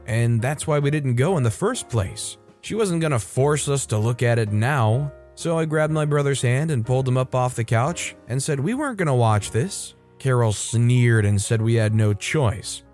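Man reading stories over soft music. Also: medium pitch. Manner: steady, conversational reading with brief personal comments. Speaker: narrator of online stories. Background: faint background music.

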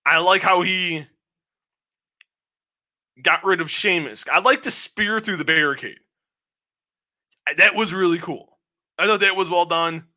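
Podcast co-host, male, bright voice, slightly high, loose rambling review with cursing. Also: unhurried, long pauses. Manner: rambling, animated recaps with frequent swearing. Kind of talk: casual show review chat.

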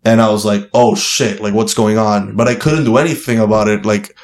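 A man's voice: on the low side, steady tone, fairly quick. A young man from Miami, a guest comedian, telling a story in a rambling, profane way full of fillers. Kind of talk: casual podcast storytelling. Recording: roomy echo.

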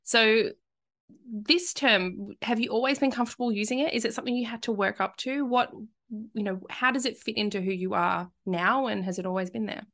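A woman's voice: fairly high pitch, brisk, fairly bright tone. An Australian woman hosting a podcast, asking her guest questions in an enthusiastic, encouraging way. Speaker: podcast host. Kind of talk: casual podcast interview.

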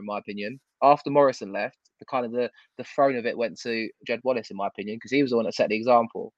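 A man with a mid-range voice talks football casually, bluntly ranting and swearing now and then. He co-hosts a football podcast, and the dry recording has a dull, lo-fi quality.

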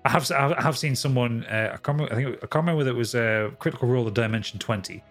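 A man's voice: medium pitch, rapid-fire, a bit bright, soft background music. Man game master, laughing banter. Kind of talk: casual chat about a tabletop game.

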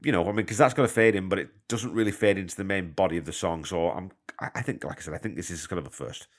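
A deep-voiced man hosts a music podcast and talks through an album track by track. His delivery is chatty and enthusiastic, and he wanders off into conversational asides. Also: fast talker. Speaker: podcast host. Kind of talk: casual music commentary.

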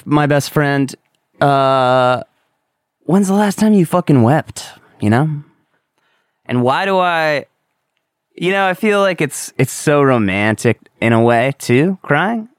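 Young guy rambling on his own podcast, swears a bit, smooth voice, dry mic. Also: medium pitch, no room sound. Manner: candid, rambling, swears casually. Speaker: podcast host. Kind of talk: casual solo podcast monologue.

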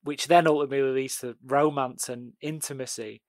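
A man's voice: mid-range voice, fairly even intonation, a little fast, no room sound, clean studio sound. A man in a casual film discussion, laughing often and talking in a loose way with many fillers. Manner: giggly, conversational, full of fillers. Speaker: podcast co-host.

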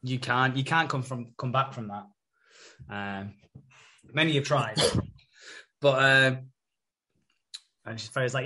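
A man hosting a casual podcast recap of a TV episode. He tells it loosely and chattily, with swearing and many fillers, in a mid-pitched everyday voice. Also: slow pace, long pauses, sharp tone. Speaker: podcast host.

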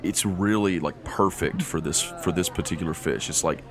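Casting: very low-voiced male game master, relaxed rambling narration. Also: moderate pace, crowd noise. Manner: loose, rambling narration with fillers.

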